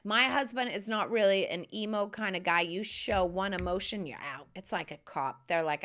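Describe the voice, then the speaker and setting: Animated, foul-mouthed American woman host. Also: mid-range voice, normal speed, few pauses. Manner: profane, animated, swings from hushed asides to loud exclamations. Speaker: podcast host. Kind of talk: casual monologue.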